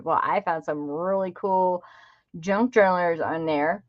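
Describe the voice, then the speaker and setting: A woman's voice: mid-range voice, expressive, normal speed, lo-fi sound. A middle-aged woman hosting a craft livestream, chatting casually and greeting viewers by name. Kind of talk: casual live-stream chat.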